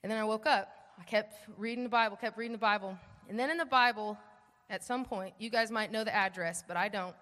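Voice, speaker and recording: A woman giving a lively personal testimony at church, acting out the dialogue as she tells it. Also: mid-range voice, brisk. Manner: animated storyteller, acts out dialogue. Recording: long hall reverb.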